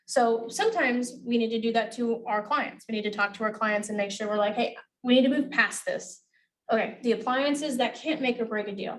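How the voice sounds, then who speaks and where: A woman with a slightly high voice runs a training class for agents. She talks bluntly, swears freely and acts out the lines she wants them to use. The mic picks her up from a distance. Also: fairly quick. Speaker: real estate negotiation trainer.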